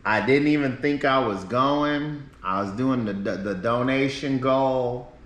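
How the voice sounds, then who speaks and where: A man's voice: mid-range voice, measured pace, a bit bright, lo-fi sound. A man streaming live, telling a long rambling story in casual talk full of swearing. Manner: rambling, profane, acts out quoted people. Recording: roomy echo.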